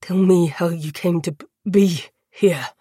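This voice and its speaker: Woman playing a suffering young male vampire: low, breathy, halting, audiobook. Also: dark tone, dry recording, clean studio sound. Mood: pained. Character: young man, chained vampire in pain, stammering.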